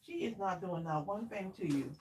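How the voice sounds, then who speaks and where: A woman's voice: medium pitch, animated, moderate pace, a little mellow, a little hiss or hum. A woman hosting a live crafting stream, chatting casually with viewers, greeting them by name and saying "y'all" a lot. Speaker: craft livestream host.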